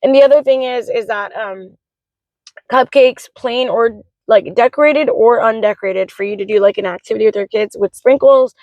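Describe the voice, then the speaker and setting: Speaking at a normal pace in a slightly high voice with a darkish tone, a young mother of three vents in an emotional vlog, swearing a lot and talking frankly in a rush. The audio is dry and dull.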